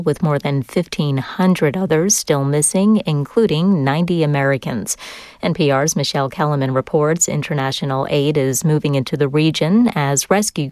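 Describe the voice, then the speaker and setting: A woman newscaster reading the headlines in a measured, crisp way. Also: deep voice, darkish tone, dry recording.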